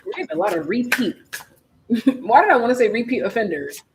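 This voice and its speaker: Tarot reader, casual live-stream reading, chatty, slangy, thinks aloud, swings between hushed asides and loud exclamations, mid-pitched voice. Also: big pitch swings, brisk, noisy background.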